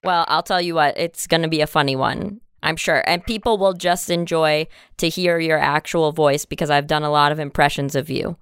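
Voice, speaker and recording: A woman with a slightly low pitch and a smooth, clear voice hosts a podcast. She teases her guest and laughs a lot. The recording is dry and close. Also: moderate pace, hardly any pauses, no echo. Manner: giggly, teasing interviewer. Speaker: podcast host. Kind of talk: casual chat.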